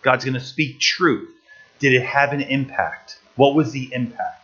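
A man preaching a sermon, pausing for an interpreter and asking the listeners many rhetorical questions. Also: medium pitch, a bit bright. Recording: dull lo-fi recording.

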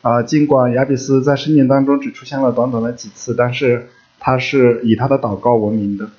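A man's voice: medium pitch, fairly even intonation, a little fast, darkish tone, muffled recording. A man interpreting a sermon line by line, opening each line with a short filler sound before speaking plainly.

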